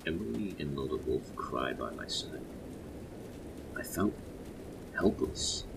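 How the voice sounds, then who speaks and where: A man narrating a horror story in first person, slow and measured. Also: very deep voice, big pitch swings, vocal fry, background noise.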